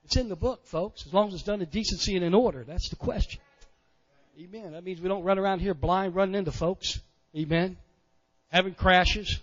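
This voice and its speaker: A pastor with a high voice for a man preaches a sermon at a fairly quick pace, folksy and full of amens, swelling loud on key phrases. The recording sounds dull and muffled, with long sanctuary reverb.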